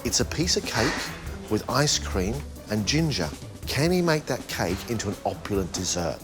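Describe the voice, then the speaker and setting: A man judging a cooking competition, weighing each dish in a measured way. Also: fairly low pitch, very animated. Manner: measured, evaluative. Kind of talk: judge's commentary. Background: background music.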